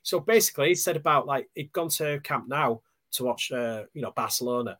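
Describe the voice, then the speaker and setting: A man's voice: medium pitch, fairly quick, fairly bright tone. A man co-hosting a podcast, chatting casually and reading out listener messages, hesitant with lots of ums. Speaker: podcast co-host.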